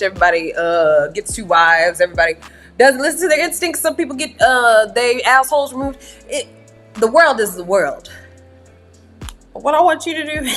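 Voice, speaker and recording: A woman's voice: high-pitched, a bit bright. A woman hosting her channel and signing off in a chatty, playful way, laughing as she goes. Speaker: host. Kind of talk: vlog outro.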